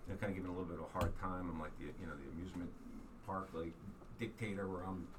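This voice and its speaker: A man's voice: low voice, steady tone, rapid-fire. A man hosting a podcast, telling a rambling, self-mocking personal story in casual chat with lots of fillers. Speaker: podcast host. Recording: distant mic, faint background hiss.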